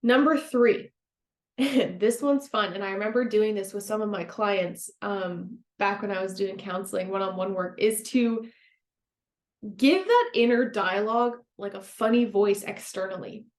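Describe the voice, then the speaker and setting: A woman hosting a self-help podcast, a former counselor talking in a gentle, encouraging way and laughing easily. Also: medium pitch, a little slow. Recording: roomy echo.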